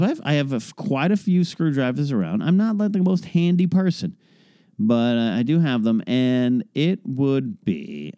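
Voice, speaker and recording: Man, podcast host, casual rambling Q&A, lively up-and-down pitch, mellow tone. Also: no echo, studio quality. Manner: rambling, self-interrupting and wry. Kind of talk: casual listener Q&A.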